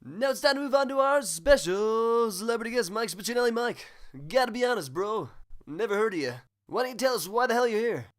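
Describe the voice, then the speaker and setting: A man's voice: very high-pitched, expressive, a little fast, fairly bright tone. A man playing a smug, self-obsessed host of a spoof news show, with cheesy, boastful anchorman patter. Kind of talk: comedy sketch acting.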